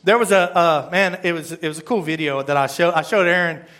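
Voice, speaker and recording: High-voiced pastor preaching casually. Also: male voice, a little fast, fairly bright tone. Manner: rambling, repeats words, asks the congregation questions. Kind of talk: conversational sermon.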